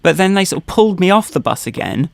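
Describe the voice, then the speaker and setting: A man's voice: sits high, sing-song, fast, creaky, dry recording. A man co-hosting a podcast, telling personal stories in casual chat, rambling with many fillers and restarts. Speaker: podcast co-host.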